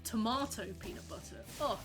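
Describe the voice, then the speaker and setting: A woman's voice: fairly high pitch, expressive, normal speed, music in the background. A young woman chatting casually with her viewers while livestreaming a game, rambling and reacting to messages. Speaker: streamer. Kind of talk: casual live-stream chat while gaming.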